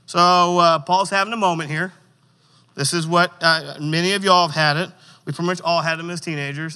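A man with a high, bright voice preaches to a room of teenagers in a church hall, pressing them to answer out loud. He slows right down to lean into the scripture he reads. A long reverb trails behind every word. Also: steady tone, smooth. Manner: interactive, coaxing audience responses; reads scripture with slow emphasis. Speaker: youth pastor. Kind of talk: sermon.

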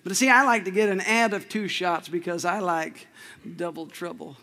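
A man's voice: high voice, steady tone, normal speed, crowd noise. A man preaching a sermon in a playful, joking way, laughing often and calling on the congregation to repeat after him. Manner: emphatic call-and-response delivery.

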